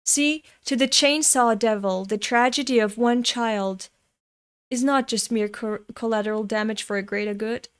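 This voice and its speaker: Excitable high-voiced woman reacting to comics. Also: normal speed, smooth. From Europe. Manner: excitable, bursts into giggling fits. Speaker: manga reaction host. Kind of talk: casual reaction commentary.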